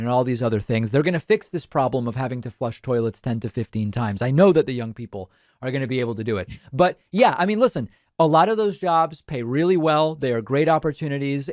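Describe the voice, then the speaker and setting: Talk show guy riffing on callers' questions, thinking out loud, pretty emphatic, dead dry mic. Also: medium pitch, no echo. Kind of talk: call-in political commentary.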